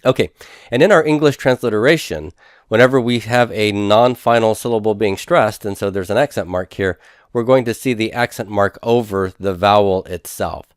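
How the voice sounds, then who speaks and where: Male instructor, lowish voice, methodical, repeats terms slowly; dry, close recording. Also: no room sound. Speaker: Hebrew instructor. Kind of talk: recorded lecture over handouts.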